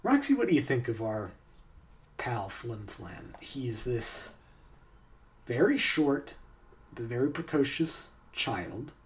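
A man hosts a podcast in a loose, chatty way, laughing often and filling his talk with ums and restarts. His voice sits in a middle pitch and sounds a little distant from the microphone. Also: sing-song, takes it slowly, pauses often. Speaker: podcast host. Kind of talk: casual podcast chat.

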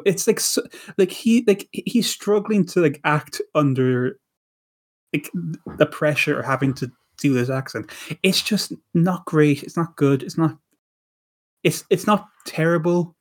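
A man's voice: a little high, lively intonation, measured pace. A man co-hosting a podcast, chatting casually and rambling with many restarts and repeated words. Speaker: podcast co-host. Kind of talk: casual chat.

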